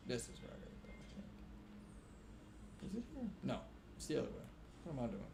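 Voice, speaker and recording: A man streams a game, swearing freely and venting at the controls, his voice swinging up and down with a lively pitch. His mic catches a roomy echo, with faint noise underneath. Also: fast talker, creaky. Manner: profane, venting, animated. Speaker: gaming streamer. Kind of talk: live gameplay commentary. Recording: roomy livestream audio with faint background noise.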